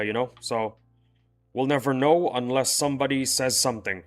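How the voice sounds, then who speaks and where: A man's voice: mid-range voice, steady tone, moderate pace, pauses often, soft background music. Playful rambling male streamer. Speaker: game livestreamer. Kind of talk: casual chat with live viewers.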